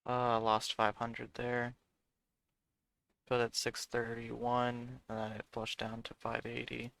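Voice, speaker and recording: Bright-voiced man muttering trade calls. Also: medium pitch, completely flat delivery, slow pace, vocal fry, no echo. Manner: muttered running commentary, swearing when trades go wrong. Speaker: day trader streaming live. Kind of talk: live trading commentary.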